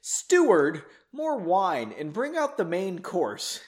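A jovial, booming old army general holds court at dinner, as a man puts him on while reading his story. The voice is pushed higher and louder than plain talk and swings widely. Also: huge pitch swings, takes it slowly, full character voice. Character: hearty older male army general, jovial.

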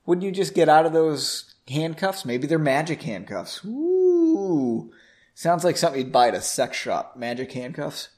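A man's voice: a little high, animated, normal speed, few pauses, a little mellow. A man reading a fantasy story aloud, breaking in with sarcastic, amused asides. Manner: sarcastic, amused, self-mocking. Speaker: reader of a story.

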